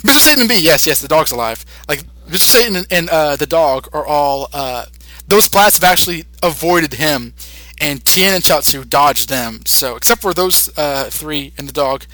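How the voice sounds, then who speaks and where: Bright-voiced young man rambling a recap. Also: fairly high pitch, lively intonation, moderate pace, no echo. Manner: rambling retelling with many fillers. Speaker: podcast host. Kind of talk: casual episode recap.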